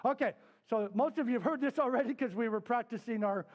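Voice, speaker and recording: A middle-aged man teaching a parenting workshop, talking candidly to a live group. He tells stories, acts out the voices in them and drops to a soft, quiet tone for serious points. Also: very high-pitched, fast. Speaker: parenting class instructor. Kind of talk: storytelling workshop talk. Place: indoor classroom with a live group.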